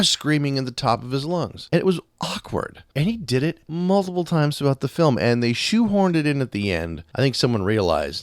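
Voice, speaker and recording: A man reviewing a film on his podcast in a casual, animated way, acting out scenes and swearing freely. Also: mid-range voice, normal speed, few pauses, dry recording, clean studio sound.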